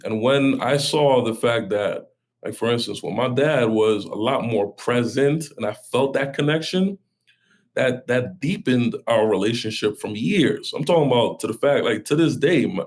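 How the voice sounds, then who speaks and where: With a medium-pitched voice, a man who is a pastor recounts a personal story as a podcast guest. He is earnest and heartfelt, talking in run-on bursts full of restarts.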